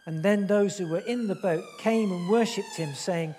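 A man preaching a sermon, reading scripture aloud and slowing down to stress key words. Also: sits high, a little mellow, in a large hall, slight background noise. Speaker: pastor. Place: church hall.

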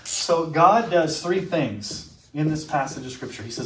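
A man giving a classroom theology lecture. He asks questions, answers them himself, and slows down to stress key words. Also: on the high side, animated, slight background noise. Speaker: teacher. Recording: echoey room.

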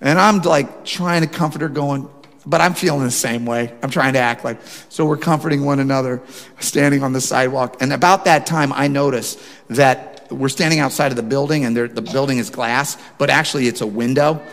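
A man in his forties preaching a sermon as a pastor, telling a personal story and building to emphatic, animated preaching. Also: mid-range voice, brisk. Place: church sanctuary. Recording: long church hall reverb.

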